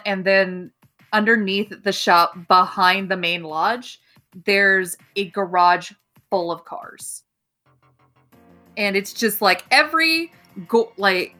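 Young woman game master, casual and profane, bright sharp voice, faint music behind. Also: mid-range voice. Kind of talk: narrating a tabletop game.

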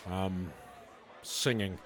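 A man voicing a stiff, haughty barbarian king in a comedy sketch, delivered deadpan. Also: deep voice, drawn-out words, background noise. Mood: puzzling.

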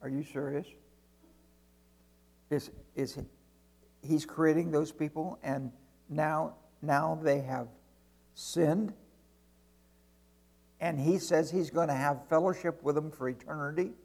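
A man's voice: fairly high pitch, steady tone, takes it slowly, creaky, pauses often, darkish tone, full character voice. A man voicing a bewildered, incredulous male angel who stammers in disbelief. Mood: astonished.

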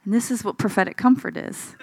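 Woman preaching, conversational, expressive, a bit tired, dry close sound. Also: medium pitch, fairly quick, breathy edge, no echo. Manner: expressive, acts out quoted voices and cries; conversational, asks the congregation questions. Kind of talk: sermon.

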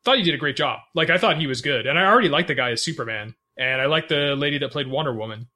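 Fast-talking and lively in intonation, this man has a fairly high, sharp-toned voice. He co-hosts a laid-back film podcast, rambling through fillers and restarts and laughing a lot.

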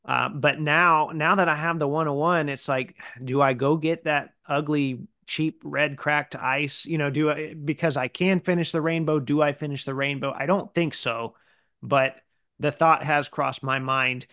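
A man hosting a podcast, talking in a relaxed, conversational way with frequent fillers. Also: fairly high pitch, a little slow, dry recording, clean studio sound. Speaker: podcast host. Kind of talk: casual podcast chat.

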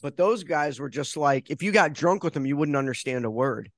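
An American man hosting a casual podcast chat, excitable and profane, laughing often. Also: a little high, a little fast, no room sound. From United States. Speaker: podcast host.

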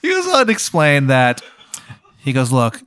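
A man's voice: on the high side, huge pitch swings, moderate pace, fairly bright tone, clear, resonant tone, no echo. A man hosting, improvising a comedic story in a rambling way, full of "like" fillers. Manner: rambling, heavy use of "like" fillers, laughs while talking. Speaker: host and game runner.

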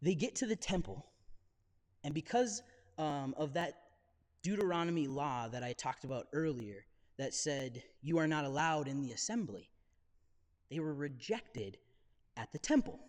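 A man's voice: fairly high pitch, lively intonation, measured pace. A man preaching as a pastor, in a casual, jokey storytelling way with bits of slang. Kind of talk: conversational sermon. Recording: reverberant church hall.

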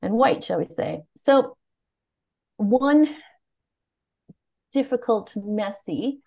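A woman with a General American accent, speaking as an interview guest who researches media. She talks in an animated, outspoken way, thinking aloud and restarting her sentences. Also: mid-range voice, slow pace, creaky. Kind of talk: conversational interview.

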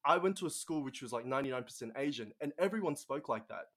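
A man's voice: medium pitch, fast. Chatty young Australian man. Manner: chatty, many fillers, animated quoting. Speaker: guest. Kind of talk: casual storytelling in conversation.

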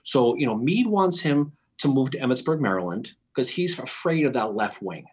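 A man co-hosting a podcast, talking through history in an animated, analytical way with many restarts. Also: medium pitch, moderate pace, slightly rough. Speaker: podcast co-host. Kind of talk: casual history discussion.

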